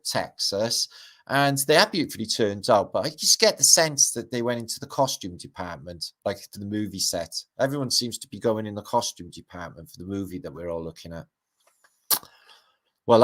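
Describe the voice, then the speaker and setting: Chatty Welsh man, lowish voice. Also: fairly bright tone. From Wales. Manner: chatty, wry asides, swears casually. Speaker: livestream host. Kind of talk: casual rambling commentary on pictures.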